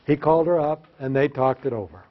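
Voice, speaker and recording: A brisk man with a medium-pitched voice leads a workshop for teachers, trading in self-mocking, humorous classroom stories. He prompts the audience to repeat phrases in call-and-response fashion, and the lo-fi recording sounds slightly dull.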